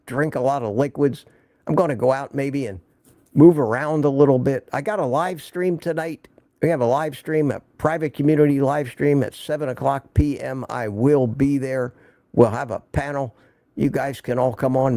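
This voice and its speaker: Older guy rambling and cracking jokes on his stream, gravelly dark voice, dry sound, still getting over being sick. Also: mid-range voice, no echo. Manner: joking, rambling, reads viewer comments aloud. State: recovering from illness. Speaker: host of a live stream. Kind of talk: casual live stream chat.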